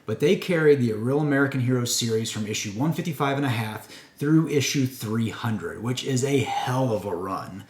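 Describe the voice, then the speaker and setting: A man's voice: medium pitch, expressive, normal speed, hardly any pauses. A man reviewing a comic book in a casual, rambling way, with fillers and self-corrections. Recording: echoey room.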